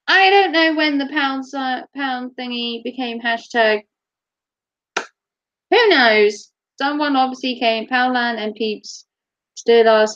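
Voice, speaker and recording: Slow-talking giggly woman. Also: high voice, lively intonation, fairly bright tone, lo-fi sound. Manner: giggly, chatty, teasing. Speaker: vlogger. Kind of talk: casual chat to camera.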